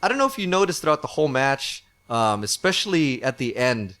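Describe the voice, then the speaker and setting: A man in a relaxed conversation about wrestling, his sentences winding through fillers and restarts. He has a mid-range voice and an easy, chatty delivery. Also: medium pitch, a little fast. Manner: rambling, many fillers and restarts. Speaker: podcast co-host. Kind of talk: casual wrestling review chat.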